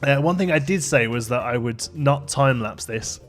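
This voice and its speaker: A man's voice: medium pitch, normal speed, soft background music. A tired man chatting casually over a building game, rambling with plenty of fillers and self-deprecating asides. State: tired, yawning. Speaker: gaming YouTuber. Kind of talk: casual let's play commentary.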